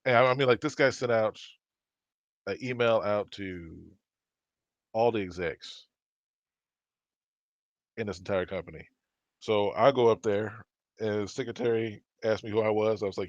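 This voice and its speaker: A man casually telling work stories on a podcast, acting out the people he quotes with lively voices. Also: fairly low pitch, normal speed, pauses often, no echo. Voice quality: animated, acts out quoted dialogue. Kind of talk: casual storytelling chat. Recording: dry, dull lo-fi sound.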